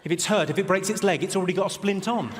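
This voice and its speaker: A man with a posh southern English accent doing a stand-up set of deadpan one-liners on a large theatre stage. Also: high voice, rapid-fire, very noisy. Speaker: stand-up comedian. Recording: live theatre, roomy, loud crowd. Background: audience laughter.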